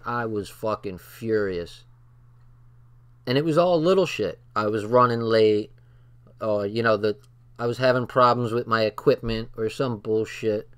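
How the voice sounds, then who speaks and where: A man's voice: medium pitch, clean tone. Blunt, profane man in casual commentary. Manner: blunt and profane, talks straight from personal stories. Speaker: channel host reading and commenting on a text.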